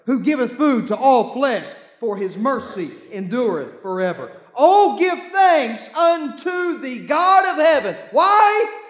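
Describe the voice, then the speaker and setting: A man preaching a sermon, reading scripture aloud and calling his congregation to read along, with bursts of shouting. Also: very high voice, reverberant. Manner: call-and-response, urging the congregation to read along. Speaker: pastor.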